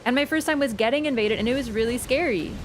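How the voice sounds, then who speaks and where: A young woman game streamer chatting casually with her viewers, telling stories in an animated, excitable way and swearing freely. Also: quick pace, slight background noise. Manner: animated, excitable storytelling with sudden high squeals. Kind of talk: casual livestream chat. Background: background game music.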